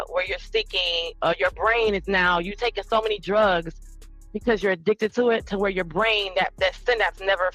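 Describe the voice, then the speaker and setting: A woman's voice: mid-range voice, a bit bright, no room sound, rough recording. A woman in a casual live chat, talking bluntly and rambling with frequent restarts.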